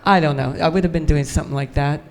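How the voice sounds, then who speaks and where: A woman's voice: sits low, fairly even intonation, fast talker, darkish tone. An older woman telling anecdotes as a guest on a convention panel, chatty and self-mocking. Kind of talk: storytelling on a fan panel. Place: convention stage before a live audience.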